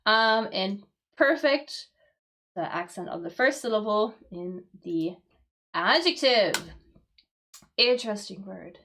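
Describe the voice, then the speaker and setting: Woman English teacher, slow and patient, lots of "right?" checks, live-stream lesson. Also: medium pitch, expressive, fairly bright tone. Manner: explains slowly with frequent "right?" checks and fillers.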